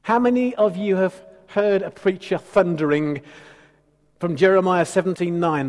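A man's voice: sits high, moderate pace, darkish tone. A man preaching a sermon in a conversational, teasing, emphatic way. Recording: reverberant hall.

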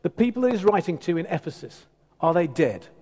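Man, preacher, fairly high voice, conversational and emphatic, long hall reverb. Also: very animated, a little fast, dark tone, husky. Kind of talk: sermon.

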